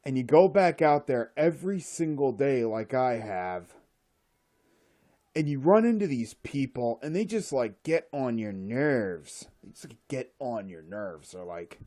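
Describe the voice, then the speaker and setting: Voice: mid-range voice, sing-song, measured pace, warm tone. A speaker delivering a solo rant in an exasperated, sarcastic way.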